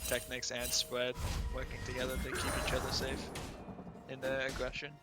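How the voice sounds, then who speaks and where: A man's voice: medium pitch, monotone, normal speed. A man co-casting a live esports match, giving casual analysis and short reactions. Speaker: esports co-caster. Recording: loud music playing underneath.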